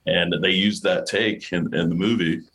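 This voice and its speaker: Deep-voiced man telling profane set stories. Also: normal speed, rough recording. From Florida. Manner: animated, profane, acts out quotes in raised voices. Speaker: actor guest. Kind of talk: casual storytelling interview.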